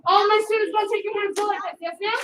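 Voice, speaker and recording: A woman instructor leading a children's karate class with loud, energetic call-and-response coaching. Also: very high-pitched, quick pace. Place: indoor karate studio. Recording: heavy background noise.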